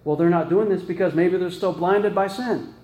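A man with a fairly high voice preaches in a loose, conversational way, checking in with his listeners through frequent "right?" and stopping to restart his phrases. His voice rings around an echoey room. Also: normal speed, dark tone. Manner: casual, peppered with "right?" tag questions and restarts. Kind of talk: conversational sermon.

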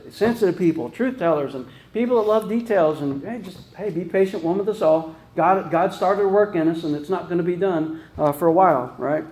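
This sermon comes from a man whose fairly high voice has a darkish tone, echoing through a reverberant room. His casual, conversational style is peppered with "right?" tag questions and restarted phrases.

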